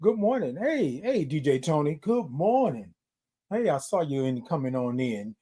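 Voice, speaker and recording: A high-voiced man hosts a morning live stream, bouncing all over his range as he chats playfully with his viewers. He draws his greetings out into long sing-song calls. The sound is close and dry, with no room around him. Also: very animated, normal speed, dark tone, slightly rough, no room sound. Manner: chatty and playful, talks straight to the audience. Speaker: host.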